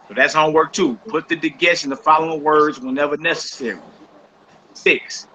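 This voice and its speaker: A man's voice: a little high, pushed and bright, slight background noise. A man teaching a language class, patiently going over homework and repeating each instruction. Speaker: Hebrew teacher. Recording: dull lo-fi recording.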